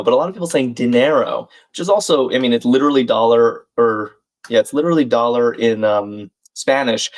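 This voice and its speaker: A man hosting a live crossword stream, thinking aloud, reading out clues and viewers' names, and chatting with them as he solves. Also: medium pitch. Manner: thinks aloud, reads chat names and clues, friendly asides. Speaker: livestream host. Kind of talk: live crossword solving chat.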